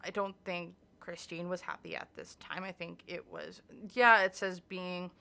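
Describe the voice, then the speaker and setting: Chatty tarot reader woman with gravelly edge. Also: fairly low pitch, fairly even intonation, a little slow, pushed and bright. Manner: chatty, hedging, many "like" fillers and restarts. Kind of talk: casual tarot reading commentary.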